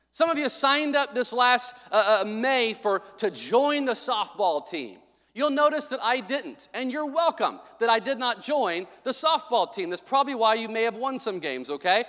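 High-voiced pastor preaching in a reverberant hall. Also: male voice, lively intonation, moderate pace, a bit bright. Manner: chatty, joking asides turning into emphatic preaching. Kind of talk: sermon.

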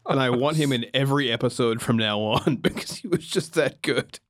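A man's voice: mid-range voice, brisk, no echo, studio quality. A man co-hosting a podcast, chatting animatedly and laughing often. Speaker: podcast co-host. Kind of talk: casual chat reviewing a TV serial.

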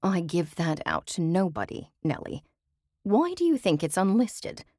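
A woman's voice: on the low side, very animated, measured pace, mellow, no room sound, studio quality, heavily acted. A woman reading an audiobook, voicing a haughty wealthy dame with put-on British airs, imperious and theatrical. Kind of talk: audiobook character voice.

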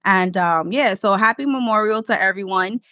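A woman's voice: mid-range voice, normal speed, bright, forceful tone, dry recording. A young woman from Spanish Harlem, New York, co-hosting a podcast in laid-back, profane, giggly chatter. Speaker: podcast co-host. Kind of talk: casual podcast chat.

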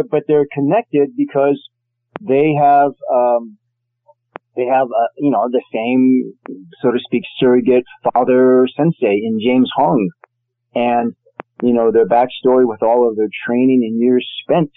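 A man's voice: mid-range voice, dry recording. A man, an actor guest, answering interview questions and laughing easily. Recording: tinny phone-like line.

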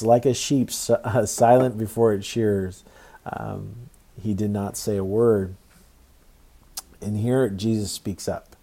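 A man preaching a sermon in a conversational, halting way with many restarts. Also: lowish voice, warm tone. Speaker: pastor.

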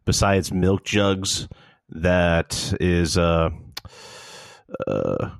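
A man playing a tabletop game, joking and animated as he describes his moves. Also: deep voice, drawn-out words, gravelly, dry recording, clean studio sound. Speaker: player.

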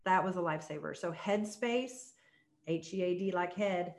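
A young woman, a tantra coach, talking on a podcast and leading a soft, slow guided meditation. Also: on the low side.

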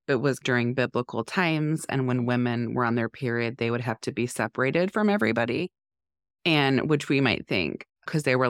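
A woman's voice: rumbling low, dry recording, clean studio sound. A woman, a podcast co-host and mental health therapist, talking candidly in casual conversation with many "like" fillers. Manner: candid, animated, frequent "like" fillers.

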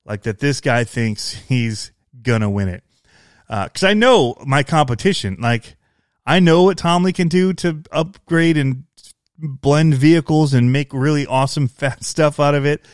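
A man's voice: a little high, animated, measured pace, no room sound, studio quality. A man with a slight Southern US accent chatting casually about his hobby videos, rambling and self-deprecating, often laughing. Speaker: YouTube hobby creator. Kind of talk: casual chat.

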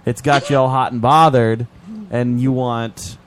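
A man's voice: medium pitch, fairly even intonation, a little slow, a little hiss or hum. Man hosting, setting up scenes. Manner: directs improv scenes, coaxing. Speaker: host. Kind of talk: casual chat.

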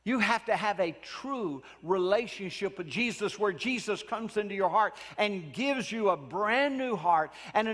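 A man preaching a sermon in a church, earnest and pleading, often dropping his voice to a hush for emphasis. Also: high voice, big-room sound. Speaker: pastor.

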